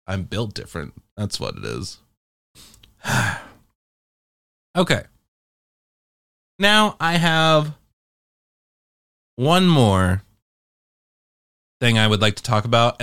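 A young adult man telling a casual, profane storytime monologue to viewers in an animated way. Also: mid-range voice, slow, pauses often, clean tone, no echo, studio quality. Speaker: vlogger.

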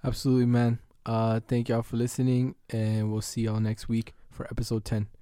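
A man's voice: medium pitch, completely flat delivery, a little fast, mellow, clear, resonant tone, no echo, studio quality. A man co-hosting a podcast in casual chat, earnest and rambling with lots of fillers. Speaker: podcast co-host.

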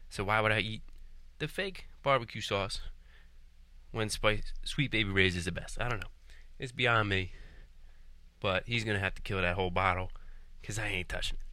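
A man's voice: lowish voice, moderate pace, pushed and bright, no room sound. A twenty-year-old man from Philadelphia, a podcast guest rambling jokily and a bit out of breath. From Philadelphia, Pennsylvania. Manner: jokey, rambling, mock-indignant about food. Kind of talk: casual monologue answering questions.

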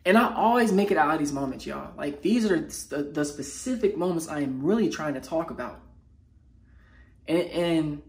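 In a personal vlog, unscripted and recorded while he feels low, a man who is a mental health motivational speaker talks with lively intonation and vocal fry. The delivery is halting, raw and emotional, with lots of slangy fillers and restarts.

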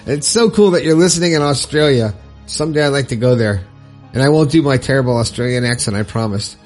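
A man's voice: mid-range voice, fast, soft background music. A man hosting his own podcast in a casual, upbeat and rambling way, with lots of fillers and frequent laughs. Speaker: podcast host. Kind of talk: casual solo podcast talk.

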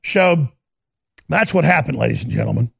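A man hosting ranting political commentary, indignant and rambling, and shouting at times. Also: medium pitch, lively intonation, normal speed, gravelly, slightly rough, dry recording, studio quality.

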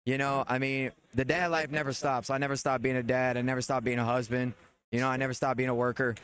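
A man's voice: medium pitch, flat delivery, quick pace, a bit bright, smooth. A man, a streamer and father, talking as a guest in a casual live-stream chat at a gaming convention, cheering others on. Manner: hype-man energy, keeps cheering others on.

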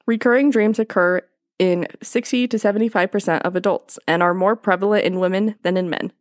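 A woman's voice: mid-range voice, steady tone, a little fast, no room sound, studio quality. A young woman co-hosting a casual podcast, reading notes aloud and often breaking into giggles. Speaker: podcast co-host.

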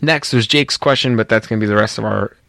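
A man's voice: fairly low pitch, fast, creaky, no echo, clean studio sound. A man from North America co-hosting a podcast, chatting casually and telling rambling stories. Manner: rambling storyteller, lively when telling stories. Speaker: podcast co-host. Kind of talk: casual chat.

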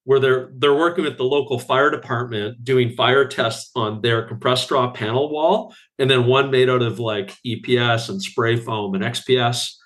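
A man's voice: mid-range voice, moderate pace, few pauses. A man, an architect guest on a podcast, talking casually and acting out quotes from others with bursts of laughter. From Canada. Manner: animated storyteller, acts out quotes with laughs.

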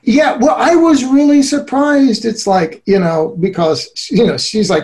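A middle-aged man giving an earnest, animated interview as a relationship expert, often breaking into laughter. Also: very high voice, measured pace. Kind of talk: conversational interview.

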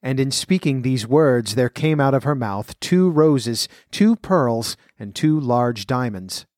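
A man's voice: medium pitch, lively intonation, takes it slowly, darkish tone, no room sound. Man reading fairy tales in a dry voice. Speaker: storyteller. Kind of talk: fairy-tale reading and folklore commentary.

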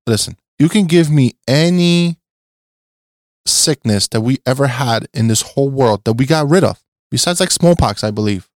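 A man's voice: mid-range voice, expressive, normal speed, dry recording, studio quality. Impassioned man repeating "listen". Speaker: podcast guest. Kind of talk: casual podcast chat.

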